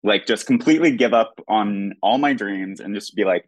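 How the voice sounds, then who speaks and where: A man's voice: fairly low pitch, animated, brisk, husky, no room sound. A man, an actor and producer, chatting animatedly as a guest, with lots of restarts. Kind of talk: casual interview chat.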